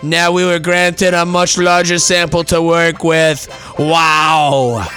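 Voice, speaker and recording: Guy putting on a bragging old politician voice, drags every word out, kinda high. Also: little pitch movement, pushed and bright, soft background music. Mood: worked up. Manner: slow, emphatic, repetitive boasting. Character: blustering older male politician, boastful.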